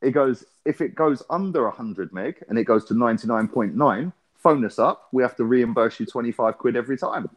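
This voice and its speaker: A man's voice: mid-range voice, expressive. A man, swearing and telling a long story in a casual podcast chat. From England. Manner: swearing, storytelling with rapid back-and-forth. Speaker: podcast co-host.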